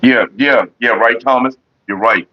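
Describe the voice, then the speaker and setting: A man with a mid-range voice talks at a measured pace, casually hosting a livestream through a headset mic. He's laid-back, rambling and swearing freely as he greets viewers in the chat. The audio is lo-fi and slightly dull.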